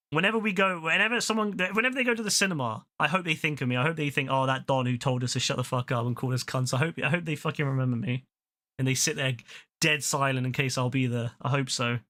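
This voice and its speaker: A man, chatting casually while gaming, ranting animatedly with a lot of swearing. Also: mid-range voice. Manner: ranting, profane, animated storytelling. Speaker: gaming video host.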